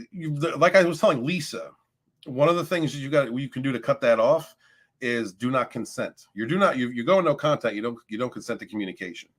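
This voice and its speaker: A man hosts a casual motivational livestream, rambling from point to point and often starting sentences over. He swears freely. His voice sits at an ordinary middle pitch for a man. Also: fairly bright tone. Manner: rambling, profane, many restarts. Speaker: livestream host, abuse recovery talker.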